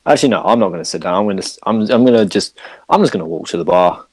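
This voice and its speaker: Deep-voiced weary male player. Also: animated, racing, darkish tone, dry recording. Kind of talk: casual tabletop game chat.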